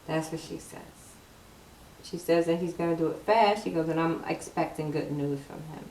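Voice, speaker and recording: A woman's voice: low voice, moderate pace, a little mellow. Woman tarot reader, casual and teasing, echoey room recording with a faint hiss. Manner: chatty, teasing the cards, laughs often. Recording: echoey room, mic at a distance, faint noise.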